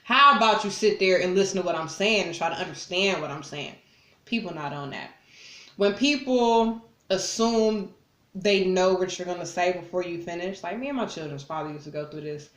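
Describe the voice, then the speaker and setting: A woman's voice: fairly low pitch, normal speed, a bit bright. A woman vlogger talking casually to her camera, blunt and profane, who acts out arguments in raised voices. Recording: roomy echo.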